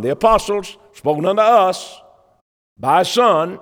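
A man's voice: high-pitched, animated, a little slow, fairly bright tone. A man preaching a sermon and quoting scripture in old King James wording, with fervent, rising emphasis. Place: church. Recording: long church reverb.

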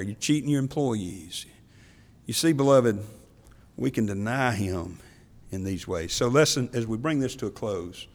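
A man's voice: medium pitch, lively intonation, moderate pace, gravelly. Earnest male pastor preaching in a reverberant hall. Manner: earnest, confessional preaching that rises to loud emphatic peaks. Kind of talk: sermon.

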